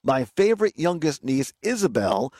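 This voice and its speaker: A man hosting a live radio show outdoors by a lake, chatting casually with quick laughs and self-corrections. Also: on the high side, very animated, darkish tone, no room sound. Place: outdoors by a lake, remote broadcast.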